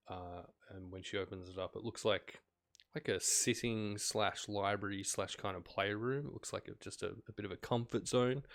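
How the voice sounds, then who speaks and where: A man narrating a tabletop game as game master, in a relaxed, meandering way. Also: on the low side, creaky.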